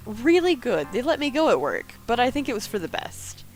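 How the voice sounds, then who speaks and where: A woman's voice: a little high, big pitch swings, fairly quick, a little mellow, faint music behind, pitched above the performer's own voice, low-quality recording. A woman reading as a guarded, brooding thirties woman. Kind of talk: first-person game narration.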